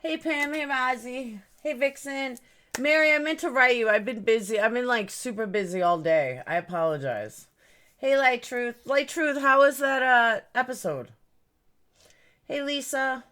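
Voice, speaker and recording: A woman's voice: sits high, measured pace, fairly bright tone. Rambling woman livestreamer greeting chat. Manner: rambling, greets chatters by name; puzzled, fiddling with stream settings. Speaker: livestream host.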